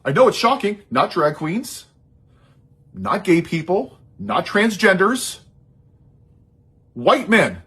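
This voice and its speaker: A man's voice: sits high, sing-song, slow pace, pauses often, a bit bright, slightly rough. A man giving an impassioned, sarcastic political monologue. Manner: sarcastic, heated, mocking asides. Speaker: social media commentator.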